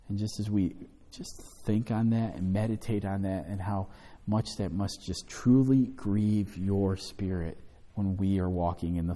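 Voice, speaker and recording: A man teaching an evening Bible study as pastor, then leading a closing prayer. He speaks in a measured, earnest way and slows down to read scripture aloud. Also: fairly low pitch, warm tone. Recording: long hall reverb.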